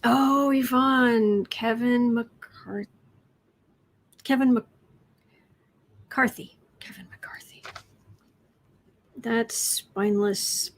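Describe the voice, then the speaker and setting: Slow, gravelly woman chatting to viewers. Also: on the high side, steady tone. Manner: chatty, drifts into soft whispers and coos to a pet. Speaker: astrology and tarot channel host. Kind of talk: casual livestream chat reading viewer comments.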